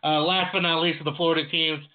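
A man's voice: fairly high pitch, little pitch movement, quick pace. A man co-hosting a casual sports chat, easygoing and full of uh fillers. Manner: easygoing, filler-heavy with frequent uh. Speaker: sports podcast co-host. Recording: tinny phone-like line.

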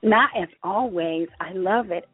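A woman hosting a live internet radio talk show, bubbly and excitable, laughing often and out of breath. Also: medium pitch, measured pace, slightly rough, dry recording, soft background music. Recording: phone-line quality, dry.

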